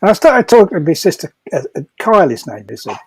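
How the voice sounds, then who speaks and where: A man's voice: high voice, sing-song, fast talker, darkish tone, husky, low-quality recording. An older man telling prison anecdotes casually, repeating words and laughing as he goes. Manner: rambling, repeats words, laughs through his stories. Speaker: storyteller at a comedy fundraiser.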